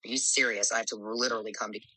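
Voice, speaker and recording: A woman's voice: very deep voice, steady tone, very fast, bright, forceful tone, no room sound, rough recording. A woman hosting a live stream, brashly moderating callers and scolding them with plenty of profanity. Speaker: livestream host.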